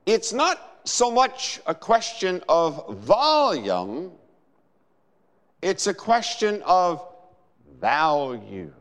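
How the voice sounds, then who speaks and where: A man preaching a sermon in a measured, emphatic way, with dramatic pauses. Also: sits high, huge pitch swings, a bit bright. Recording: long hall reverb.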